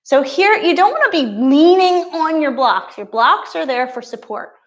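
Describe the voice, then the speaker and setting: A woman's voice: high voice, lively intonation, normal speed. A woman yoga instructor talking a beginner class through poses and breathing, with encouraging, playful step-by-step cues.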